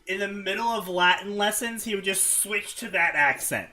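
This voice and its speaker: A man's voice: high-pitched, moderate pace, very noisy. A man co-hosting a casual stream, reading fanfiction aloud in a sarcastic, mock-dramatic way.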